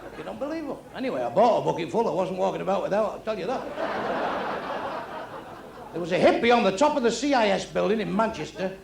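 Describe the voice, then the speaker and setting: A man's voice: high-pitched, fast talker, gravelly, pauses often. A middle-aged man doing blunt, crude stand-up comedy on a club stage. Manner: blunt, crude, deadpan delivery. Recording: echoey club with crowd noise.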